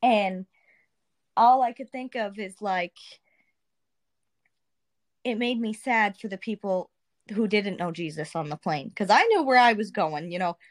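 A woman's voice: mid-range voice, unhurried, long pauses. Earnest young woman sharing her testimony. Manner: earnest, candid, with colloquial phrasing. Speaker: testimony guest, daughter. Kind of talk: casual testimony retelling.

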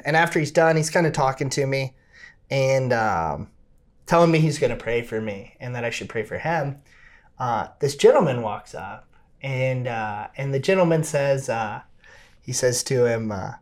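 A podcast co-host telling a lively personal story, laughing often and acting out the people in it. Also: male voice, medium pitch, moderate pace. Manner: laughs often, acts out quoted voices. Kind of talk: animated storytelling.

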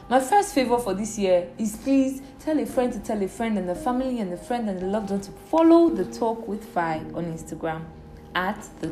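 Playful Nigerian woman podcasting in an echoey room. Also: mid-range voice. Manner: playful, chatty, jumps between loud bursts and quiet asides. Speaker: podcast host. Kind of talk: casual solo podcast chat.

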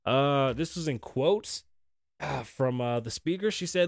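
A man's voice: medium pitch, expressive, moderate pace, dry recording, clean studio sound. Profane, rambling male podcast host. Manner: profane, rambling, sarcastic rants with mocking asides. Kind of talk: casual news commentary podcast.

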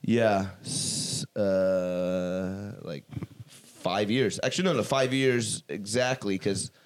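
A man's voice: fairly low pitch, steady tone, slow, clear, resonant tone. A young man co-hosting a podcast, chatting in a laid-back, joking way. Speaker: podcast co-host. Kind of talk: casual podcast chat.

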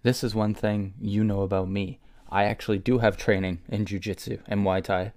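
A man in casual chat, playfully spinning a hypothetical revenge story with quick, animated bursts and frequent laughter. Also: lowish voice.

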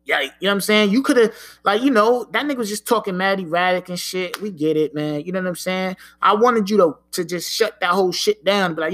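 High-voiced man talking frank street talk. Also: a little fast, fairly bright tone. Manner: frank, profane street talk with frequent "you know what I'm saying". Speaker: podcast host. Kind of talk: casual solo talk.

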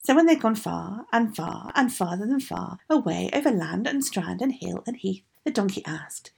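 Female storyteller, animated delivery, raspy low-edged fairy-tale read. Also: moderate pace, few pauses. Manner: expressive, sing-song reading.

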